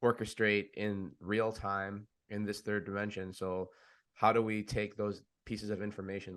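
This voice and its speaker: A man hosting a podcast in casual conversation, asking thoughtful, searching questions with many fillers. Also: low voice. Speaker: podcast host.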